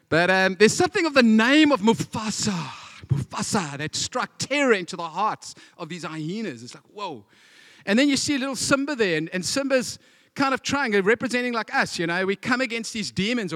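A man preaching a sermon in a lively way, acting out scenes and quotes as he goes. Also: sits high, no echo, studio quality. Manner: animated, acts out scenes with voices. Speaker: pastor.

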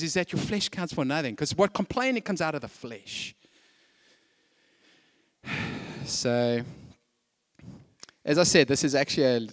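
Animated, lively male preacher. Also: a little high. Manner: conversational, animated preaching with chatty asides. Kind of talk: sermon.

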